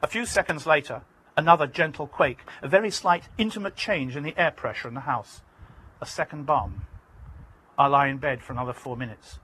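A man's voice: fairly high pitch, fairly quick, bright, forceful tone, slightly rough, low-quality recording. A man from Britain, an author giving an emphatic, vivid reading from his own memoir.

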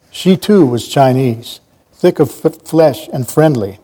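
A man's voice: medium pitch, expressive, measured pace, mellow, slightly rough. A man reading a novel aloud, now and then breaking off for casual, self-correcting asides. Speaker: reader.

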